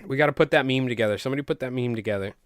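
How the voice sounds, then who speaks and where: A man's voice: mid-range voice, rapid-fire, clear, resonant tone, dry recording. A young man with a Long Island accent chatting casually and jokingly on a live stream while tying flies, rambling with many fillers.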